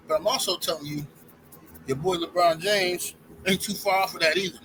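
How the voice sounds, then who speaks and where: A man's voice: sits high, moderate pace, noisy background. A man giving an opinionated sports rant to his channel's viewers, heated and talking straight at them. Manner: heated, addresses viewers directly as y'all. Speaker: sports commentary YouTuber.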